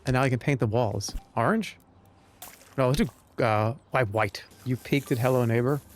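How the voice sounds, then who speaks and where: A man's voice: mid-range voice, normal speed, a little hiss or hum. A man streaming a game live, chatting to viewers in a joking, rambling way. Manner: joking, rambling, talks to chat. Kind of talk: live-stream gameplay commentary.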